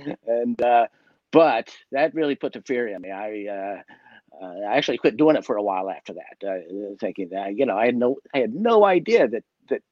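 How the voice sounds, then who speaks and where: A man's voice: mid-range voice, lively intonation, normal speed, dry recording, lo-fi sound. A man, a guest magician, telling a story in a chatty way, with many fillers, restarts and laughs, heard over a video call. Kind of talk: casual storytelling.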